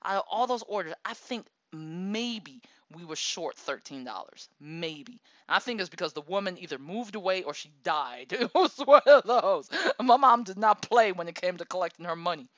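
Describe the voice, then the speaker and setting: A woman in her thirties telling a personal story in a casual, animated way, laughing often and acting out the people she quotes. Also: on the low side, moderate pace, few pauses, no echo. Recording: dull lo-fi dry recording.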